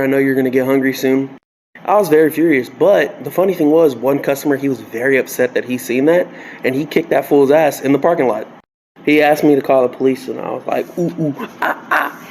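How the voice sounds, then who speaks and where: A security guard telling a story in a plainspoken, wry way. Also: male voice, mid-range voice, a little mellow, slight background noise. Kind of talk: casual storytelling.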